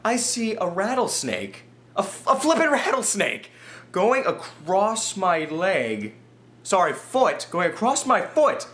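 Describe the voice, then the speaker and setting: A man vlogging comic personal stories in an animated, exaggerated way, dropping low and then bursting up high with excitement. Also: slow.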